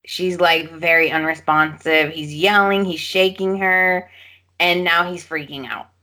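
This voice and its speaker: A woman with a lowish, bright and forceful voice hosts a chatty podcast. She recaps soap opera plots in a casual storyteller way and slips into the characters' lines as she goes. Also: fairly even intonation, unhurried. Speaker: podcast host.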